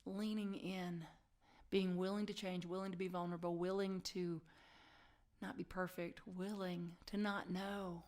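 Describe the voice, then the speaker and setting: A middle-aged woman pastor preaching in a chatty, self-deprecating way, sometimes dropping to a soft whisper for emphasis. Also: fairly low pitch, little pitch movement, moderate pace. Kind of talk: sermon.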